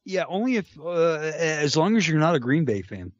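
A man's voice: on the high side, big pitch swings, moderate pace, no echo. A man hosting a wrestling talk show, rambling and joking with lots of fillers. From Canada. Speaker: host. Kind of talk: casual podcast banter. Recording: dull, muffled sound.

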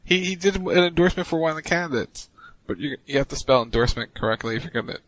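A man's voice: fairly high pitch, lively intonation, fast, fairly bright tone, no room sound. A man co-hosting a casual chat show, who cuts in with teasing remarks and stammers as he starts sentences. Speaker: co-host.

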